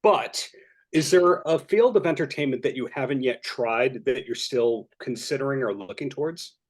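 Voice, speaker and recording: A man's voice: mid-range voice, normal speed. A man hosting a podcast interview over a video call, asking long, friendly questions that run through the guest's credits. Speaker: podcast host.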